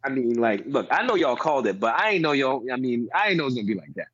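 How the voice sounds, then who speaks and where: A man from the United States chatting casually as a podcast guest, rambling with lots of restarts and animated asides. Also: medium pitch, very fast, slightly rough, no room sound. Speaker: guest DJ and tennis fan. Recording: dull lo-fi dry sound.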